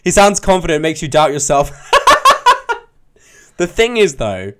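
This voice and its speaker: A man's voice: a little high, big pitch swings, measured pace. A young man with an English accent who hosts a casual live stream. He swears freely, teases and laughs a lot. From England. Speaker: motovlogger hosting a live stream.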